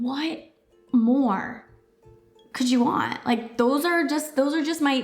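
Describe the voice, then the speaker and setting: Chatty young woman, echoey room. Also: high-pitched. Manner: chatty and animated, lots of fillers. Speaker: YouTuber, movie reviewer. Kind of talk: casual vlog chat.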